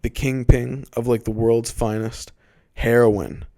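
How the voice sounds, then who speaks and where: A man's voice: medium pitch, level tone, slow pace, mellow. A young man from Canada hosting a podcast, rambling and joking casually with plenty of swearing. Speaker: podcast host.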